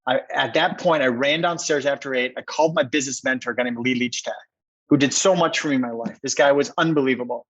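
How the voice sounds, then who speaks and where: This middle-aged man from Minneapolis, USA, talks quickly in a medium-pitched, slightly bright voice, recorded lo-fi. As a podcast guest he recounts a personal story earnestly and emphatically, frequently starting his sentences over.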